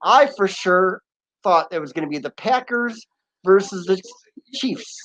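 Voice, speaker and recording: A man's voice: high voice, expressive, a little slow, fairly bright tone. A man hosting a casual live stream from home, chatting and reading out viewer comments. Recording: slightly dull lo-fi sound.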